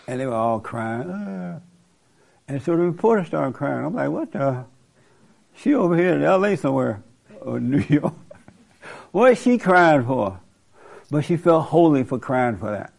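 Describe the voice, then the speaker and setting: A man's voice: fairly high pitch, gravelly. A man preaching informally in a blunt, colloquial way, questioning a listener. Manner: blunt, colloquial, laughs at his own points.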